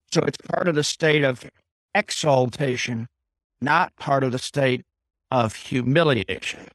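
A man's voice: mid-range voice, a bit bright, no echo, rough recording. A man teaching a catechism class, who explains a Bible passage point by point and keeps checking with "Okay?".

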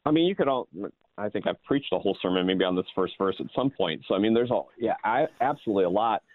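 A man's voice: lowish voice, animated, quick pace, no room sound. A male pastor explaining scripture earnestly in a casual discussion, with many fillers. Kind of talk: casual Bible study discussion. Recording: tinny phone-like line.

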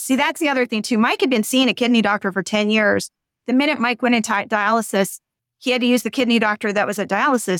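A woman's voice: a bit bright, no echo. Earnest talkative woman, interview guest. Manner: earnest, talkative, voice rising high when exasperated. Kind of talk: frank podcast interview.

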